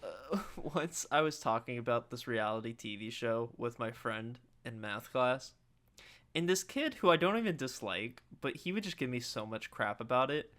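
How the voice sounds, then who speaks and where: A man's voice: mid-range voice, moderate pace. A young man co-hosting a podcast in casual chat, laughing often and acting out quotes as he tells stories. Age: young adult. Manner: laughs often, animated storytelling with acted-out quotes. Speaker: podcast co-host.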